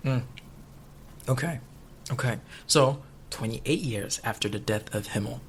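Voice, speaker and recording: Young male co-host, animated and joking, mid-pitched voice, faint background hiss. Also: a little slow. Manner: joking, animated, laughs often. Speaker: podcast co-host. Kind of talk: casual chat.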